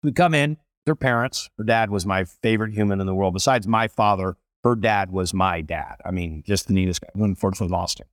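A middle-aged man, a chef and restaurateur, telling stories as an interview guest in a lively, animated way. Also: sits low, fairly quick, few pauses, no room sound, clean studio sound. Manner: animated, acts out voices in stories. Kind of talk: storytelling interview.

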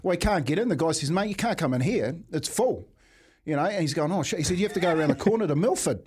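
A man's voice: fairly high pitch, fast talker, husky. A man telling a funny story on breakfast radio, laughing as he goes and acting out the voices. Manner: animated storyteller, laughs often, acts out quotes. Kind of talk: casual radio yarn. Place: radio studio.

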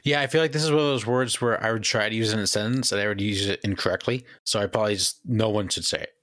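A man with a fairly low voice, chatting in an easygoing, self-deprecating way as a podcast co-host. The recording is dry and close. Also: rapid-fire, a bit bright, no room sound. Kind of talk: casual chat.

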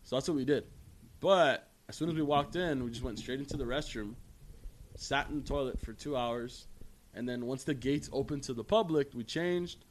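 A man's voice: medium pitch, normal speed. A man co-hosting a casual podcast, telling a story in a loose, chatty way with fillers and swearing. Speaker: podcast co-host.

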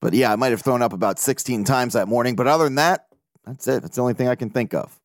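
A man hosting a casual solo sports podcast, rambling and animated, swearing freely and laughing at himself. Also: mid-range voice, fast talker, no echo, studio quality. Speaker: podcast host.

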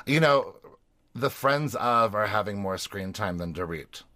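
A man's voice: lowish voice, expressive, unhurried, bright, forceful tone. Playful man recapping reality TV. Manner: playful, dramatic asides. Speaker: podcast co-host. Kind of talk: casual recap chat.

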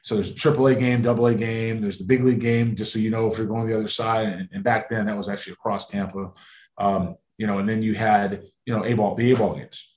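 A man's voice: fairly low pitch, steady tone, fast talker, darkish tone, reverberant, a little hiss or hum. A man, a former ballplayer, casually telling a rambling story full of quoted dialogue.

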